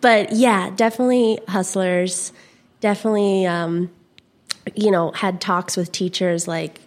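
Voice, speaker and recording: A woman's voice: medium pitch, fairly even intonation, measured pace. A young woman from California, a guest in a casual conversation, rambling with many fillers and frequent giggles.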